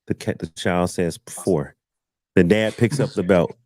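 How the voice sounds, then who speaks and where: A man hosting a casual panel discussion, telling stories with laughter and animated asides. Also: low-pitched, moderate pace. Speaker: host.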